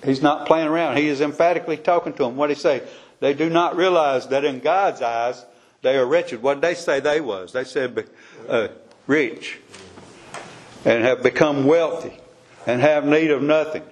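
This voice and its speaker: A man's voice: on the high side, moderate pace. Folksy man teaching Bible study. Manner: folksy, conversational, repeats himself.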